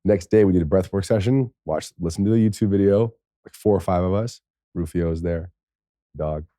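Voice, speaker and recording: A man with a low, dark voice tells a personal story as a podcast guest. He rambles in an animated way and leans on "like" as filler. The sound is dry and close. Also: a little fast, no room sound. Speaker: interview guest, former NFL tight end. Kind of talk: candid storytelling.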